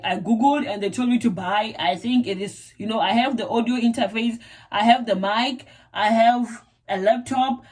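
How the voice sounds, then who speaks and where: Young South African woman vlogger, slightly high voice, rambling casual chat full of fillers. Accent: South African English. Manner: rambling, repeats words, lots of fillers.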